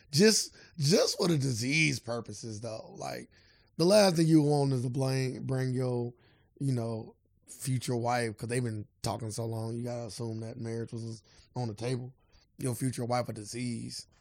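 A man's voice: medium pitch, moderate pace, vocal fry, a little mellow, no room sound. A man co-hosting a podcast in casual chat, teasing his partner and joking around. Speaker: podcast co-host.

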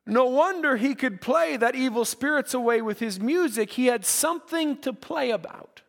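A man's voice: extremely high pitch, expressive, normal speed, vocal fry, long reverb tail. A man preaching a sermon to young people, earnest, often repeating words as he builds a point. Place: church.

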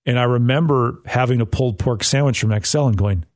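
A man from the northern United States co-hosting a podcast, telling animated, self-mocking stories in casual chat and laughing often. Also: medium pitch, brisk. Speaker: podcast co-host.

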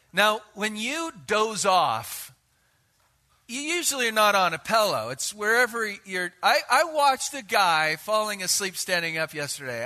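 A man preaching a sermon, moving between hushed asides and loud acted-out quotes from scripture. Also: high voice. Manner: animated, shifts between hushed and shouted quotes. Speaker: pastor.

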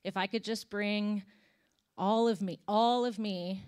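A woman's voice: medium pitch, fairly even intonation, takes it slowly, a little mellow, clean tone. A young woman, a worship leader, preaching a candid, conversational sermon with sighs and emotional moments.

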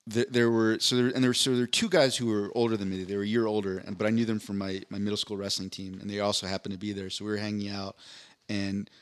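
A man, co-hosting a podcast in casual chat, telling stories with a dry delivery and lively quoted voices. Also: fairly low pitch, fast. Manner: storytelling, animated quoted voices. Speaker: podcast co-host.

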